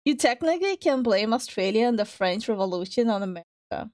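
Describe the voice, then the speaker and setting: A woman streamer chats casually with her partner, teasing and swearing between frequent laughs. Her voice sits somewhat high. The sound is dry and close to the mic. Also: animated, a little fast, hardly any pauses, darkish tone, no echo. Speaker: streamer co-host.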